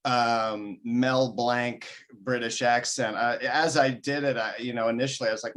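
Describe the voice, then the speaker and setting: A man, a comedian guest, chatting in an interview in a halting way, full of ums and uhs, and laughing easily. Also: medium pitch, a bit bright. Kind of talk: casual interview chat.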